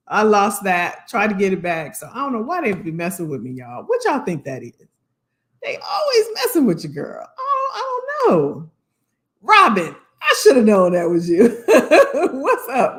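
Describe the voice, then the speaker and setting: A woman's voice: mid-range voice, sing-song, unhurried. A woman hosting a casual livestream, upbeat and chatty, greeting viewers by name and talking straight to the commenters. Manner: talks to unseen commenters. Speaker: livestream host, career coach.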